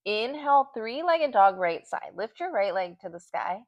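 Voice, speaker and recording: A woman's voice: mid-range voice, big pitch swings, normal speed, muffled recording. Breathless woman cueing a yoga flow. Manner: short breath-paced instructions while doing the poses. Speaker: yoga instructor. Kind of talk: guided yoga class cues. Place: home.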